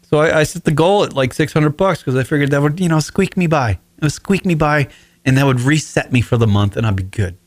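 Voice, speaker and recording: A man's voice: fairly high pitch, brisk, dry recording. A man in his forties hosting a solo radio show from his apartment, talking in a rambling, profane, emotional way. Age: 40s. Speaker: podcast host.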